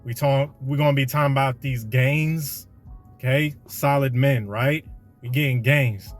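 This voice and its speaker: A man hosts a podcast and talks straight to his listeners in a casual, slangy way, preaching about self-improvement. His pitch is mid-range. Faint music plays underneath. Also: steady tone, measured pace. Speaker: podcast host. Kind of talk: casual motivational monologue.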